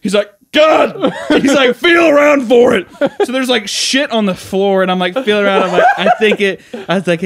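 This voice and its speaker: A young man on a podcast, telling a long story in a rambling, animated way, full of fillers and laughing as he acts out the other people in it. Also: fairly high pitch, no echo. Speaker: podcast co-host. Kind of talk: casual storytelling chat.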